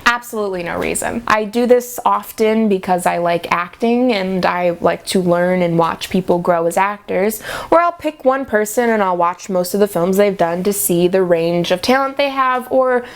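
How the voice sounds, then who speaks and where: A young woman in a casual vlog, ranting about a movie in a sarcastic, dramatic way, her pitch often jumping up for emphasis. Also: normal speed, few pauses. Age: young adult. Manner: animated, with sudden jumps in pitch. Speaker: vlogger.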